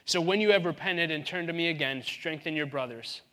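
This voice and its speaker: A man's voice: fairly high pitch, brisk, sharp tone. A man preaching a sermon in an earnest, conversational way, often restarting his sentences. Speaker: pastor.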